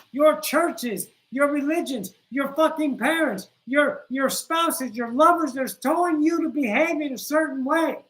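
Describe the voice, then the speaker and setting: A woman with a high-pitched, fairly bright voice speaks unhurriedly while hosting a spiritual teaching livestream, the audio poor. She addresses viewers bluntly, swears freely, and preaches through insistent repetition.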